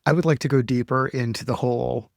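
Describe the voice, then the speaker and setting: A man's voice: medium pitch, fairly even intonation, quick pace, vocal fry, no room sound, clean studio sound. Man hosting, casual and rambling. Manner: loose, thinking aloud, "like" fillers. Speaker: podcast host. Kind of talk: casual interview questions.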